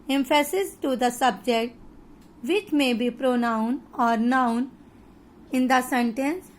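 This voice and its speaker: A woman with an Indian English accent teaching an online grammar lesson, explaining slowly and deliberately with pauses. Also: sits high.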